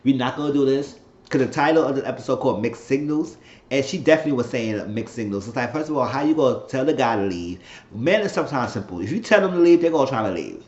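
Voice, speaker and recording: A man's voice: mid-range voice, expressive, fast talker. A man chatting casually in slang as he recaps a TV episode from his channel. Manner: chatty, slangy retelling of scenes. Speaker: video host. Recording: echoey room, dull lo-fi sound.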